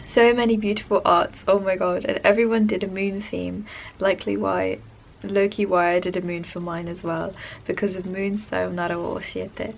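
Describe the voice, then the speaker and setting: Gushing young woman with a gravelly voice. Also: medium pitch, slight background noise, rough recording. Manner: gushing, emotional, rambling. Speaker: fan vlogger. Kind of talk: personal diary vlog.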